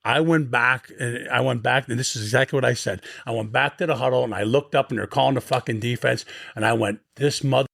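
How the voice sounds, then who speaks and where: A man in his fifties telling rough, profane stories as a podcast guest in an animated, swearing way. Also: medium pitch, quick pace, few pauses. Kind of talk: casual storytelling on a sports podcast.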